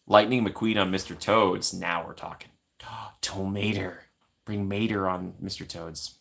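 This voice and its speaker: Man, very low voice, casual livestream chat, rambling, laughs a lot, at home. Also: slow pace, gravelly, fairly bright tone. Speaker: streamer chatting with viewers.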